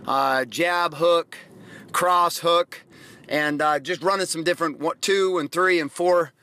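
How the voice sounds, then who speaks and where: A man's voice: fairly high pitch, fairly even intonation, takes it slowly, sharp tone, smooth. A middle-aged man hosting a podcast, telling profane, rambling stories in a casual motivational monologue. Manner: profane, rambling, emphatic storytelling. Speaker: podcast host.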